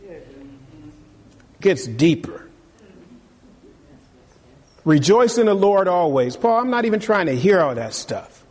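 A high-pitched man preaches in a church, his voice hanging in a long reverb. He speaks straight to the congregation and repeats his key words again and again for emphasis. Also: slow, long pauses. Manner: animated preaching, repeats phrases, talks to the congregation. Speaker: pastor. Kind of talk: sermon. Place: church sanctuary.

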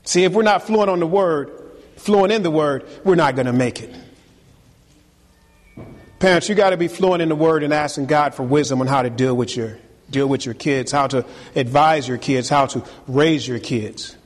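Animated pastor preaching in a reverberant hall. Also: male voice, on the high side, moderate pace. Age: middle-aged. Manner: animated, teasing, calls for amen. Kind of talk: sermon. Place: church sanctuary.

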